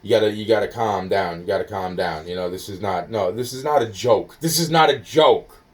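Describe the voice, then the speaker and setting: A man on a phone call, rambling and halting, full of fillers and swearing, slowly spelling things out while sounding foggy and hungry. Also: sits low, a little mellow, far from the mic. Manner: halting, filler-heavy, scattered. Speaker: caller.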